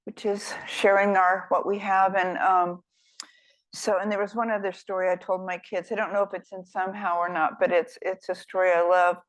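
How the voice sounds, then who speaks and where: A woman's voice: mid-range voice, flat delivery, moderate pace, low-quality recording. An older woman speaking as a guest author in an onstage conversation, her talk meandering through stories. She is self-deprecating and funny, often restarting a thought mid-sentence. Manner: warm, rambling, self-deprecating, humorous. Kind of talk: storytelling in a fireside chat.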